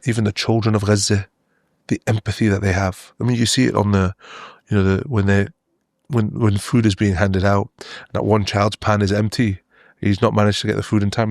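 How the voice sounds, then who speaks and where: Earnest doctor, flat low voice. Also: male voice, creaky, no room sound, clean studio sound. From Australia and the UK. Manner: earnest, halting, many restarts and "you know" fillers. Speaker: doctor guest. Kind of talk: interview storytelling.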